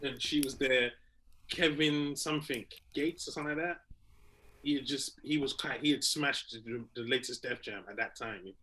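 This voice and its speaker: A young comedian co-hosting a podcast, telling animated stories and acting out little scenes as he talks. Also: medium pitch, moderate pace, poor audio. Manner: animated storyteller, acts out little scenes, laughs readily. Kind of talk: casual chat.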